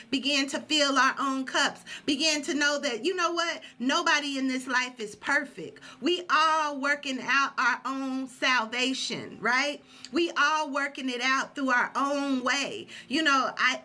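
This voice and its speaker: A woman's voice: high voice, bright, forceful tone. A woman hosting a live stream with an inspirational spiritual talk, emphatic and preachy, repeating her phrases for effect. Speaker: livestream host.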